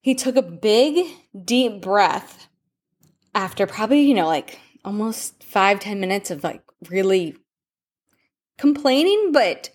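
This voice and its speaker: Woman, nutrition coach and podcast host, middle pitch, rambling and conversational storytelling. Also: very animated, slow pace. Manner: chatty, meandering storyteller.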